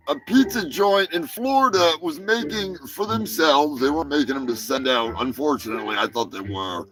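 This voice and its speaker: A man's voice: on the high side, expressive, moderate pace, a crowd in the background. A man hosting a live show, talking in a crude, rambling, joking way. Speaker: podcast host. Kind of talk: casual live show commentary.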